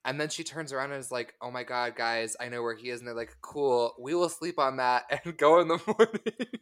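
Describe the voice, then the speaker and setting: Guy cohost on a podcast, bright voice, animated and laughy, swears a bunch. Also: medium pitch, a little fast, clean tone. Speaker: podcast co-host. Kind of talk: casual chat.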